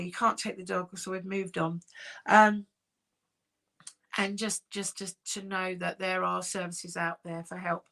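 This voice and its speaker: A woman working as a psychic medium, giving live-streamed readings in a soft, reassuring, chatty way with many pauses. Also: medium pitch, vocal fry. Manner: soft, reassuring, calls sitters "my darling".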